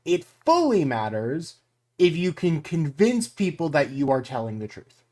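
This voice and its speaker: Young male co-host: calm and analytical, talking through the show's strategy. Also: fairly high pitch, measured pace. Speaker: podcast co-host. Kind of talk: casual reality-TV recap chat.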